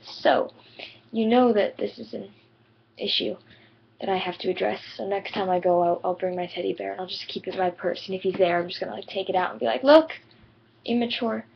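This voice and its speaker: A woman's voice: medium pitch, fairly even intonation, quick pace, gravelly, husky. A teenage girl telling a story to camera in a chatty, rambling way, full of "like" and "you know". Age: teens. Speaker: vlogger. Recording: dull lo-fi webcam audio.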